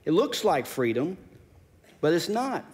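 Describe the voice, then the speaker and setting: A man's voice: fairly high pitch, sing-song, unhurried, darkish tone, in a large hall. A pastor preaching a sermon, emphatic and repeating his key phrases. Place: church sanctuary.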